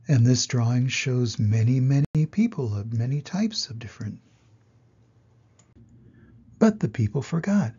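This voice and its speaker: Older male storyteller for kids; gravelly, very slow. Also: mid-range voice, muffled recording. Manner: slow, gentle reading with dramatic swells. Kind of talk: reading a picture book aloud to children.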